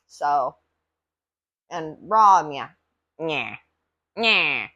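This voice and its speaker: Chatty woman rambling on her podcast, lowish voice that swings up and down a lot, drops a swear here and there. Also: animated, moderate pace, fairly bright tone, highs cut off. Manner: swears casually. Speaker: podcast host reviewing cannabis. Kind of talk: casual solo chat.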